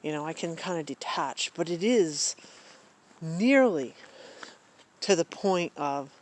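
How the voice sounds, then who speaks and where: A woman's voice: deep voice, animated, slow pace. A middle-aged woman from Maine, talking outdoors in the woods in a reflective, hesitant monologue full of ums and restarts. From Maine, USA. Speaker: vlogger.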